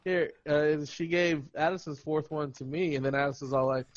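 A man's voice: on the high side, fairly quick, dry recording, highs cut off. A man telling a funny story in casual podcast chat, laughing and acting out what people said. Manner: animated, laughing, acts out quotes. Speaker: podcast host.

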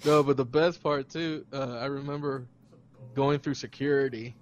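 A man's voice: medium pitch, steady tone, normal speed, lo-fi sound. A man casually telling a story on a podcast, rambling, repeating words and laughing a lot. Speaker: podcast host.

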